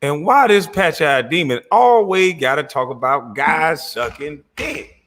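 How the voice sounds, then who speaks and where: A man's voice: on the high side, animated, unhurried, fairly bright tone. A man giving profane, incredulous reaction commentary on a clip he is watching.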